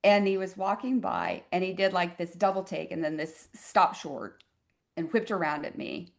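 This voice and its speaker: A woman physician in her fifties, a podcast guest telling a personal story in a reflective, expressive way with wry asides. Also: lowish voice, normal speed, creaky. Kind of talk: conversational interview storytelling.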